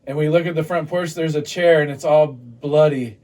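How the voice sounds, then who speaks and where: A man's voice: a little high, moderate pace, recorded from a distance, over a noisy crowd. A man telling a rambling, profane story in casual chat, acting out what others said. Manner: animated, profane, acts out quotes. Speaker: podcast guest.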